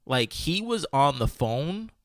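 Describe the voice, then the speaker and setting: A man hosting a podcast, telling a story in casual chat, animated, full of "like" and swearing freely. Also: a little high, takes it slowly, dry recording. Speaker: podcast host.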